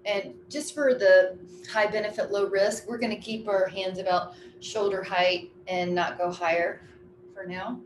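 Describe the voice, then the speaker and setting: Woman fitness instructor, middle-aged, mid-pitched, easygoing counts, encouraging cues; echoey room. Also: steady tone. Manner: counting reps aloud with brisk, encouraging cues. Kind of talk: guiding an exercise class. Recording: echoey room with faint ambient noise.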